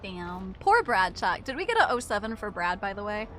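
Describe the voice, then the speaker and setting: A woman's voice: medium pitch, sing-song, normal speed, a bit bright, a little hiss or hum. A young woman streaming a video game, chatting casually to her viewers, giggly and self-mocking, swearing freely. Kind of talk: casual gaming stream chat.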